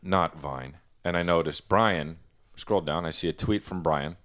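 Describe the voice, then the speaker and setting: A young man co-hosting a podcast, joking and teasing, often breaking into loud laughter. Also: deep voice, unhurried. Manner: laughs hard while reading, loud bursts. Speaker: podcast co-host. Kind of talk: casual comedic banter.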